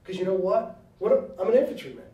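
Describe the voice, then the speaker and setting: A man's voice: sits high, animated, fast talker, warm tone, reverberant, far from the mic, lo-fi sound. A man giving a blunt, joking and combative speech to students at a university. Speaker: guest speaker. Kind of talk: animated campus speech. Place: university lecture hall.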